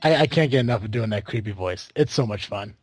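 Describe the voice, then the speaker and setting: A man's voice: fairly low pitch, lively intonation, fast, soft background music. A man from the United States hosting a casual podcast, rambling with lots of fillers and restarts. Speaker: podcast host.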